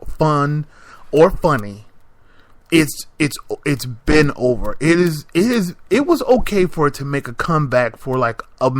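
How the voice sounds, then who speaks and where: A man's voice: mid-range voice, a bit bright, no room sound. A man hosting a podcast, delivering a sassy, exasperated rant with mocking little impressions. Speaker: podcast host. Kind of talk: ranting monologue.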